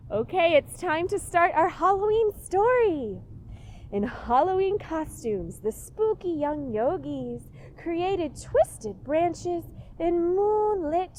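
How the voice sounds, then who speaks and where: A woman's voice: extremely high pitch, darkish tone, slight background noise. A woman leading a kids yoga class, giving playful, encouraging cues and telling a rhyming story.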